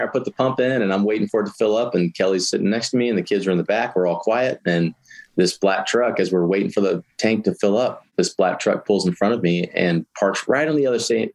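A man from Georgia, a talkative guest telling a long story in an interview. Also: fairly low pitch. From Georgia, USA. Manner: chatty, lively storyteller.

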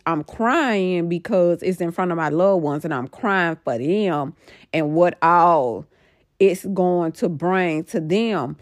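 A middle-aged woman with a fairly low voice takes her time casually recounting a dream, rambling and emphatic and full of fillers. The sound is clean studio audio with no echo.

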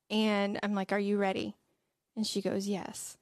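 A woman's voice: mid-range voice, monotone, measured pace. A woman in her thirties, a morning show co-host, telling a family story in casual chat and laughing often.

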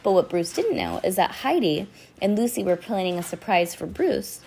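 A woman's voice: mid-range voice, very animated, normal speed, vocal fry, warm tone, slight background noise. A woman who is a little sick reading a children's chapter book aloud and chatting about the story between passages. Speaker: reader.

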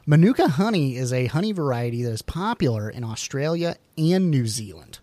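A man's voice: medium pitch, very animated, brisk, warm tone, no echo. A man co-hosting a podcast, reading food facts aloud with jokey asides and the odd stumble over words. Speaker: podcast co-host.

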